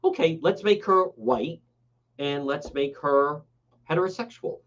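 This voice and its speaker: A man's voice: fairly high pitch, a little slow. A man hosting a radio talk show, delivering a blunt, sarcastic and scolding monologue from the studio. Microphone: studio broadcast mic. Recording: muffled radio broadcast audio.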